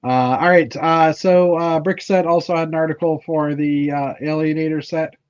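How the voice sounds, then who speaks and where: A man's voice: a little high, fairly even intonation, moderate pace, clear, resonant tone, dry recording, highs cut off. A man from Canada hosting a casual livestream chat, rambling with lots of fillers and restarts. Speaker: livestream host.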